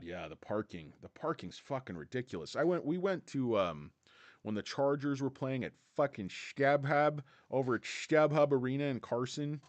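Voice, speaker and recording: A man's voice: mid-range voice, dry recording. A man hosting a casual stock livestream, rambling, sarcastic and crude, dropping to mutters and jumping to outbursts. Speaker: stock streamer host.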